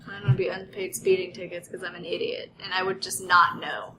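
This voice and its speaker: A woman's voice: on the low side, level tone, brisk, echoey room, noisy background. A woman co-hosting a podcast, chatting casually and teasing a friend. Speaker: podcast co-host. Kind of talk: casual chat among friends.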